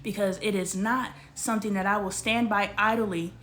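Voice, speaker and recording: Middle-aged woman, blunt emphatic vlog talk, medium pitch, faint hiss behind. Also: fairly even intonation, moderate pace, a bit bright. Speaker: vlogger. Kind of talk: candid personal talk to camera.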